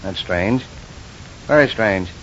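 A dry, clinical medical examiner in a vintage radio drama. His voice is fairly low and his delivery clipped and matter-of-fact. The dull old recording carries a faint rumble. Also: animated, slow, a bit bright. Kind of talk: 1940s radio acting.

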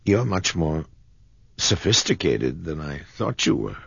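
A man's voice: low voice, animated, measured pace, vocal fry, fairly bright tone, husky, no echo, muffled recording, exaggerated voice. A man playing a wry, teasing young man. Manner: dry, teasing.

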